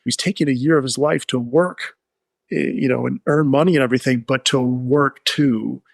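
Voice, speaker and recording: A man's voice: medium pitch, steady tone, normal speed, gravelly, no echo. A man being interviewed, telling a client's recovery story in an earnest, heartfelt, rambling way. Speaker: addiction therapist, guest.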